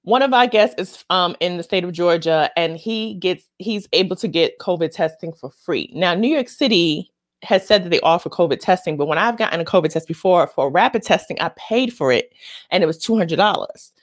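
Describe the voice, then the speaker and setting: Woman, show host, casual comedic chat, animated, excitable. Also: fairly quick. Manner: animated, chatty, excitable jumps in pitch.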